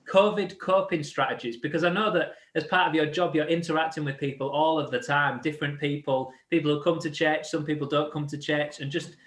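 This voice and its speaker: Man, church live-stream host, casual and jokey, slightly high voice, echoey room. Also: steady tone, a little fast, hardly any pauses, fairly bright tone. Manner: chatty, jokey, lots of fillers. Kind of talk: casual chat.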